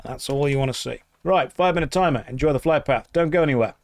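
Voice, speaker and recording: A man's voice: mid-range voice, fast talker, no room sound. A man chatting casually with viewers while playing a game, in a dry, sarcastic way. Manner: dry, sarcastic banter with chat. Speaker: streamer. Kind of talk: casual gameplay stream chat.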